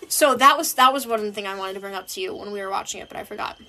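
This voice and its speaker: A young woman co-hosting a casual chat, animated and laughing often, now and then slipping into mock voices. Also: mid-range voice, racing, a little hiss or hum.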